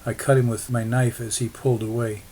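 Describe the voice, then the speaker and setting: A man's voice: medium pitch, little pitch movement, fairly quick, mellow, lightly acted, low-quality recording. An earnest young wife and mother who speaks simply and directly, read by a man. The voice sits in an ordinary middle register. A faint noise hangs under it. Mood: shaken.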